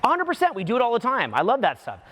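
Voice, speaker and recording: High-pitched guy joking around as a coach, big echoey hall. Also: wildly swooping pitch, rapid-fire, pushed and bright, breathy edge.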